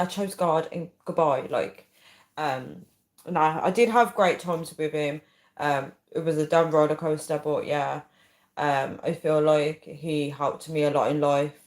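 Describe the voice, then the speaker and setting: Low-voiced and recorded in a roomy space, a woman runs a laid-back livestream. She reads comments from viewers and rambles along chattily with plenty of ums.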